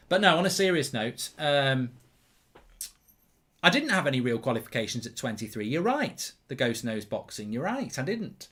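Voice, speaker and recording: A man hosting a live football watchalong, chatting casually and answering viewer questions in a lively way and swearing freely. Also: medium pitch, moderate pace, husky. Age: older than 23. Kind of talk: casual chat.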